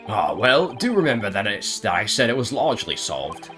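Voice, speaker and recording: A man voicing a pompous, eccentric gentleman detective in a game, with flowery, self-assured speech. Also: on the low side, big pitch swings, moderate pace, faint music behind. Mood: grandiose. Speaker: game streamer reading dialogue.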